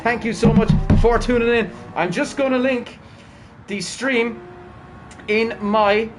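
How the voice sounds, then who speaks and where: A man's voice: very high voice, slow, heavy background noise. A young man, streaming live and commentating a racing league in an upbeat, chatty way, talking to his chat.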